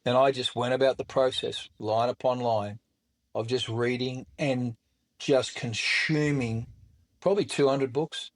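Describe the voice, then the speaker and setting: A man's voice: mid-range voice, steady tone, measured pace. Blunt man telling his story. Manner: blunt and colorful, with mild swearing. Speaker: guest, author and speaker. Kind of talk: candid storytelling in conversation.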